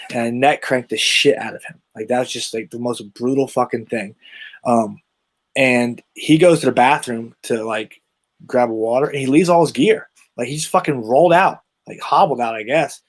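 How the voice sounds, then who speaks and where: Male interview guest, mid-pitched, casual, profane storyteller who trails off quietly. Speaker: guest, gym owner.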